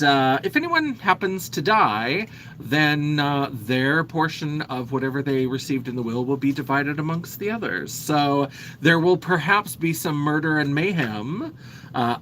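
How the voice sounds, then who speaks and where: A man hosting a relaxed livestream, chatting in a rambling, self-deprecating way. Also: a little high, a little hiss or hum. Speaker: livestream host. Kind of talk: casual livestream chat.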